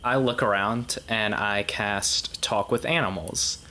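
A man speaks as a player in a tabletop game. His voice is bright and a little tense, and he talks slowly in a laid-back way. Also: lowish voice, slight background noise.

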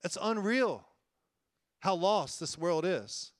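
A man's voice: sits high, expressive, slow, dry recording, studio quality. A man preaching a conversational sermon as a church-planting pastor, earnest and folksy, often chuckling and repeating himself.

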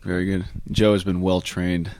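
A man's voice: deep voice, level tone, normal speed, a little mellow, no echo. A man hosting a podcast in casual chat, joking with his guests and laughing often. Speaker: podcast host.

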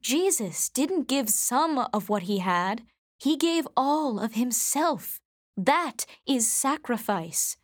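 A woman's voice: sits high, animated, measured pace, no echo, studio quality, pitched above the performer's own voice. A woman voicing an earnest, devout young woman who pleads fervently in a storybook reading. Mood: pleading.

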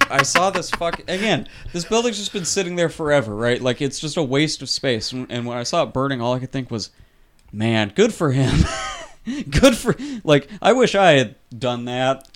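A man of middling pitch co-hosts a casual podcast. He rambles easily through his stories, swearing now and then. His pace is relaxed and unhurried. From California. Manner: laid-back rambling storyteller, swears casually. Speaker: podcast co-host.

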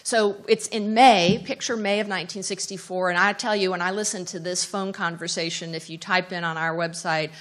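Woman, middle-aged, professor, seminar talk, anecdotal, somewhat low voice, restarts and fillers. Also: fairly even intonation, fairly quick, few pauses. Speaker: professor of presidential studies.

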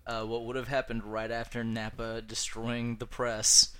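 Bright-voiced man rambling in casual chat. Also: medium pitch, completely flat delivery, measured pace, clear, resonant tone. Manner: rambling, restarts often, laughs a lot. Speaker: podcast co-host.

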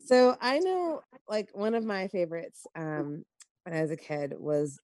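A woman's voice: lowish voice, unhurried, a little mellow, no room sound. A woman hosting a casual group conversation, friendly and encouraging as she invites others to speak.

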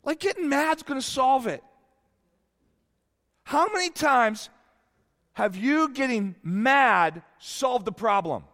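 High-voiced preacher in a reverberant hall. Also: male voice, animated, takes it slowly, long pauses. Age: 50s. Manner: candid storytelling, swings from hushed to exclaiming. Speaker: pastor. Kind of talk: sermon.

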